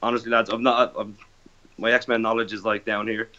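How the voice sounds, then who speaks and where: A man's voice: fairly low pitch, little pitch movement, fairly quick, highs cut off, background noise. An Irish man from Ireland, a podcast guest calling in, making casual chat with dry joking one-liners.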